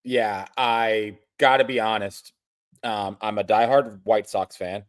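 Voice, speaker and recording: A man co-hosting a sports betting podcast, teasing his partner in a dry, deadpan way. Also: on the low side, slow, no room sound. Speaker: podcast co-host. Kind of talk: casual sports betting chat.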